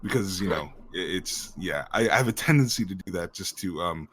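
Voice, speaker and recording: A man's voice: low-pitched, lively intonation, fairly quick, a bit bright, a little hiss or hum. A man being interviewed as an actor guest, talking in a rambling, casual way with many fillers and frequent laughter.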